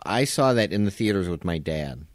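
Low lively man telling stories. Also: moderate pace, dry recording, clean studio sound. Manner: storytelling, quoting his dad in a gruff voice. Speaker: podcast co-host. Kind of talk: casual chat.

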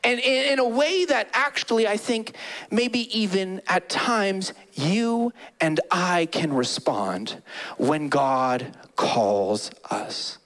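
A man's voice: high voice, takes it slowly. A man in his thirties preaching a sermon, telling stories with animation and acting out the people in them. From Canada. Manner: animated storytelling, acts out quoted people. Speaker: pastor.

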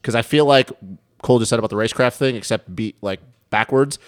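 A young man co-hosting a casual motocross podcast, telling stories fast and animated. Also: mid-range voice, no room sound, clean studio sound. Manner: fast, animated storytelling with laughs. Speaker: podcast co-host.

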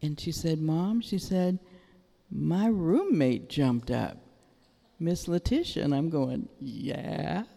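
Middle-aged woman preaching, lively storytelling testimony, big echoey hall, lots of reverb. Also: low voice, takes it slowly, vocal fry. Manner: animated, exclaiming. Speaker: church speaker. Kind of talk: sermon testimony. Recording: long reverb of a large hall.

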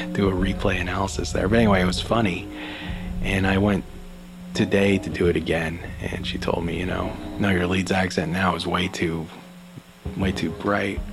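A man with a low voice talks in a relaxed, meandering solo monologue, pausing on fillers and chuckling at his own remarks. He sounds unhurried and calm. Music plays underneath his voice. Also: vocal fry. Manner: calm, rambling, self-amused, with many fillers. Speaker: podcast host. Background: background music.

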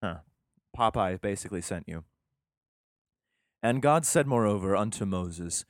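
Low-voiced sarcastic man reading scripture. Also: lively intonation, unhurried, pauses often, dry recording, clean studio sound. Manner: sarcastic, swears, reads in mock-solemn King James cadence. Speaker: reader commenting on scripture. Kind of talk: casual irreverent commentary with scripture reading.

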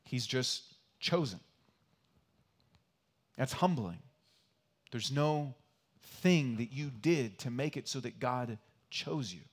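A man preaching a sermon as pastor, earnest and repetitive for emphasis, swinging between loud emphatic lines and quiet asides. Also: mid-range voice, lively intonation, slow, long pauses. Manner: earnest, repeats key phrases for emphasis. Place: church.

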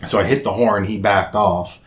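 A man in his thirties from Nova Scotia with a fairly low voice. He tells a story in a casual chat, animated and profane, and acts out the lines of the people in it. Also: normal speed. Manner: profane, animated retelling with acted-out quotes.

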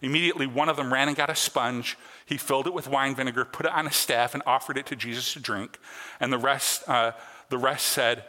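A man's voice: mid-range voice, steady tone, a little fast, sharp tone. A man preaching a sermon as a pastor, earnest and conversational, checking in with his congregation. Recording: long hall reverb.

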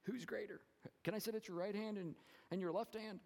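A man's voice: high voice, fairly even intonation, brisk, gravelly, darkish tone, big-room sound, pitched above the performer's own voice. A man doing a whiny, boastful disciple. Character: boastful disciple craving greatness, man, petty.

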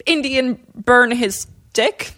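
A woman's voice: fairly high pitch, takes it slowly, sharp tone. A woman co-hosting a podcast, chatting casually in a dry, matter-of-fact way. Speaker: podcast co-host. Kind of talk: casual chat.

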